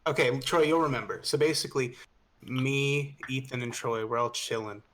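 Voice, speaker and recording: A man's voice: mid-range voice, normal speed, fairly bright tone. A young man co-hosting a casual podcast, telling a long party story with swearing and laughs. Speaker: podcast co-host.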